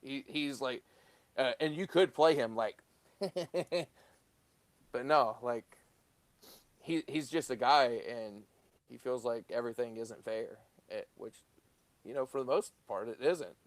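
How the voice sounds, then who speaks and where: A man's voice: mid-range voice, measured pace, no echo. Earnest man with a Southern accent, dry sound. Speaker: actor, guest. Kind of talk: casual chat.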